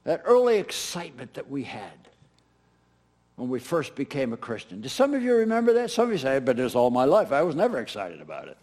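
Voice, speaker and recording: A middle-aged pastor preaches a sermon with animated emphasis, repeating his key phrases. His voice is medium-pitched and brisk.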